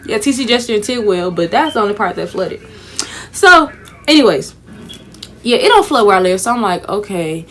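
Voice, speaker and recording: Animated and fairly bright in tone, her mid-range voice moves at a normal speed. The young woman, a vlogger from Houston, Texas, unbraids her hair during a casual storytime full of swear words, acting out the people she describes.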